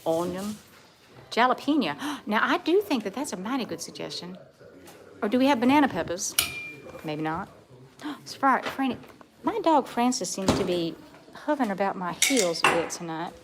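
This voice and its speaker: In a home kitchen, a woman co-hosts a playful live cooking chat, teasing and acting mock-genteel in a put-on Southern American drawl. Her medium-pitched voice is very animated at a normal pace, with background noise present.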